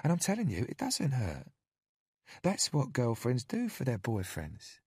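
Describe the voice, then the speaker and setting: A man's voice: mid-range voice, wildly swooping pitch, unhurried, mellow, husky, no echo, studio quality, pitched above the performer's own voice, full character voice. A man reading an audiobook, voicing a woman captor who talks in a sing-song, falsely soothing way.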